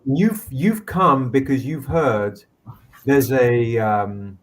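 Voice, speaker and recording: A man's voice: medium pitch, slight background noise. A man narrating as game master in a tabletop game, rambling with frequent restarts. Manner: rambling, halting, many restarts.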